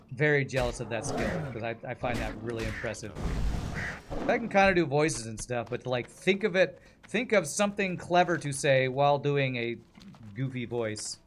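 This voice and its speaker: A man's voice: medium pitch, noisy background. A male streamer chatting casually while he plays, in a jokey, self-deprecating way. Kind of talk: casual chat while playing a game.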